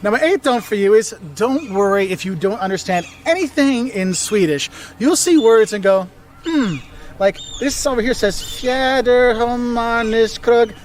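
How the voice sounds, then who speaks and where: High, animated man presenting a travel video. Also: normal speed, hardly any pauses, a little hiss or hum. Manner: lively, animated, jokey, exaggerated asides. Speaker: travel vlogger.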